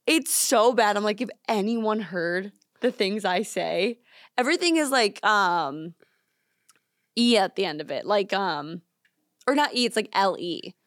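A woman's voice: mid-range voice, expressive, measured pace, a bit bright, no room sound, studio quality. A young woman co-hosting a podcast, chatting casually and giggling, with lots of "like" fillers. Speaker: podcast co-host. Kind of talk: casual chat. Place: studio.

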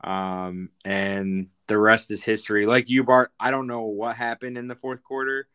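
Low, smooth-voiced sports co-host man. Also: level tone, moderate pace, fairly bright tone. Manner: hesitant, full of fillers. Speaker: podcast co-host. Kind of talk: sports talk chat.

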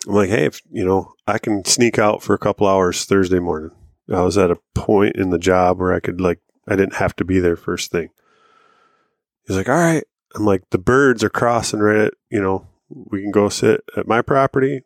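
A man with a lowish voice tells a long, rambling story on a podcast in a loose, casual way. He acts out what everyone said and swears easily. The sound is dry and close, with no room echo. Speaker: podcast co-host.

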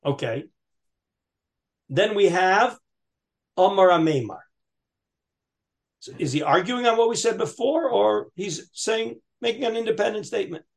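Man, high voice, rabbi teaching Talmud, singsong reading, lots of restarts. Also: expressive, measured pace, vocal fry, long pauses. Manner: reads Aramaic text aloud in a singsong lilt, then explains, with many restarts; asks students questions. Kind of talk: Talmud class lecture.

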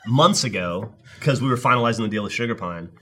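A man's voice: lowish voice, fast talker, pushed and bright. A man hosting a casual group podcast, telling stories, quoting others and swearing freely. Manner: storytelling, quotes others in voices, swears freely. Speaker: podcast host.

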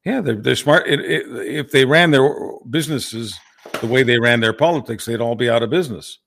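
Podcast guy, average pitch, opinionated, keeps restarting sentences. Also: vocal fry, a bit bright, a little hiss or hum. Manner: opinionated, emphatic, halting with restarts. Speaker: podcast co-host. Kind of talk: casual political chat.

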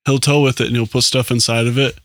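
A man's voice: mid-range voice, little pitch movement, fast talker, no echo, studio quality. A man hosting a casual podcast chat, teasing his co-hosts and laughing often. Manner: teasing, laughing, says "dude".

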